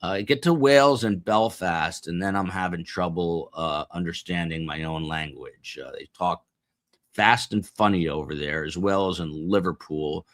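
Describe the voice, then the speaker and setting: A man's voice: deep voice, moderate pace, fairly bright tone, no echo, clean studio sound. A man hosting a live stream, casually rambling and joking as he reads out where his viewers are tuning in from. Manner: rambling, jokey, reading out viewer locations. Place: small office beside a studio.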